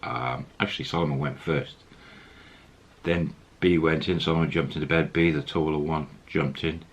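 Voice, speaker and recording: A man's voice: a bass voice, fairly even intonation, moderate pace, husky. A man telling a story casually, rambling with fillers.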